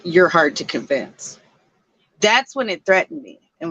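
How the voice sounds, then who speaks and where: A woman's voice: on the low side, big pitch swings, unhurried, a bit bright, breathy edge, dry recording. A woman co-hosting a podcast, telling a story in a loose, rambling way with lots of fillers. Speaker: podcast co-host. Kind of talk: casual chat.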